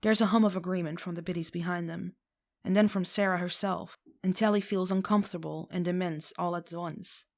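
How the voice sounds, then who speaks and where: A woman reads a fan fiction story aloud with a lowish voice. She reads expressively, slipping into voices for the characters. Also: fairly even intonation, a little fast, a little mellow. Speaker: reader.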